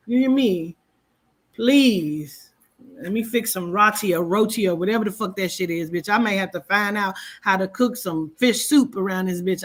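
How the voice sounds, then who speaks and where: A woman reads horoscopes in a loose, chatty way, playful and freely profane as she talks to her viewers. Her voice sits at an ordinary middle pitch for a woman, and she never sounds formal or scripted. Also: fairly bright tone. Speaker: horoscope reader. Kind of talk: casual astrology reading.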